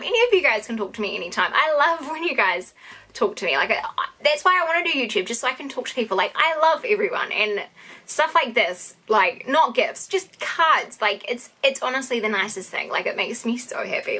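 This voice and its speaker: Gushing New Zealand woman, bright voice. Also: fairly high pitch, a little fast. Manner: gushing, excitable, gasping and squealing. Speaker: YouTuber. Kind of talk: unboxing vlog.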